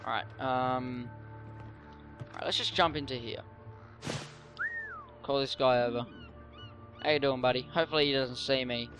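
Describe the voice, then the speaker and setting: A man's voice: medium pitch, steady tone, normal speed, pauses often, music in the background. A man giving casual, rambling commentary while playing a video game. He often gets tongue-tied and swears offhandedly. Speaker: let's play gamer.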